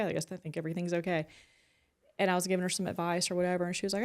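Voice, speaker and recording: A woman's voice: medium pitch, fairly even intonation, fast talker, smooth. A woman co-hosting a podcast in casual chat, telling a long story and filling her talk with "like". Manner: rambling storyteller, heavy use of "like". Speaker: podcast co-host.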